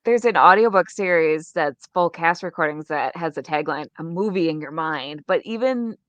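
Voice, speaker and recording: A woman co-hosting a live video chat, upbeat and welcoming, greeting viewers and chiming in with quick agreement. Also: sits low, lively intonation, a bit bright, no room sound. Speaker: self-published author, co-host. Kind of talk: casual live-stream chat.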